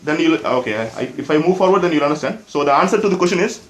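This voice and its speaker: A man's voice: a little high, animated, very fast, a little hiss or hum. Man teaching scripture, echoey hall. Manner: explanatory, repeats points for emphasis, asks the audience questions. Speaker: religious teacher. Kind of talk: scripture class lecture. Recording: echoey room.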